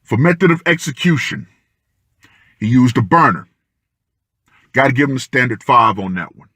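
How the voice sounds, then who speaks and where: A man giving ranting commentary with emphatic, deliberate, punchy declarations. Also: medium pitch, animated, bright, forceful tone, slightly rough, dry recording, clean studio sound. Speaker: online commentator.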